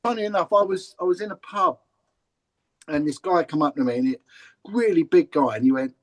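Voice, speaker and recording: A man's voice: a little high, lively intonation, fairly quick, rough recording. A man with a London accent, a former police officer telling stories in a casual, blunt interview way. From England. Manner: chatty, repeats words and restarts, blunt.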